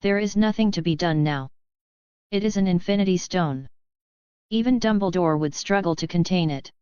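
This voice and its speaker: A woman's voice: lowish voice, moderate pace, darkish tone, clean tone, no room sound, natural voice. A woman voicing a strict older woman professor who speaks sternly and formally, in an audiobook reading. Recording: muffled lo-fi recording.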